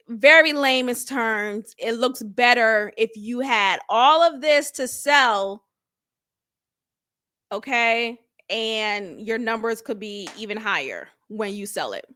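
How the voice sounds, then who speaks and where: A woman recapping a TV episode in a casual, animated way, repeating lines for emphasis and using slang. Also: a little high. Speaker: TV show reviewer.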